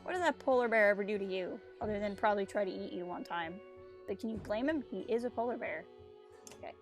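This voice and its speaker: A woman's voice: mid-range voice, fast, faint music behind. Chatty woman streamer joking over gameplay. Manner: chatty, joking, reads on-screen text aloud. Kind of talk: casual live-stream commentary.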